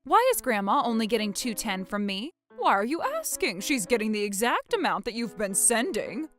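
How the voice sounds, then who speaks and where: A woman's voice: on the high side, sing-song, normal speed, a bit bright, soft background music. A woman narrating a dramatic story and voicing all its characters herself. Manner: dramatic, shifts between characters. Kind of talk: acted story narration with many voices.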